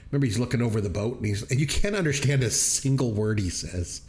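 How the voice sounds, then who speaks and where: A man's voice: mid-range voice, quick pace, darkish tone. A man co-hosting a movie review podcast, retelling scenes in a casual chat and laughing often as he goes. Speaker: podcast co-host.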